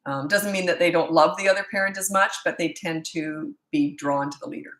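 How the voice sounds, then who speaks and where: Canadian lady in her 60s, parenting coach, firm and blunt, rambles a bit, bright tone, lots of room echo. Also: fairly low pitch, fairly quick. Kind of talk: live Q&A answering viewer questions.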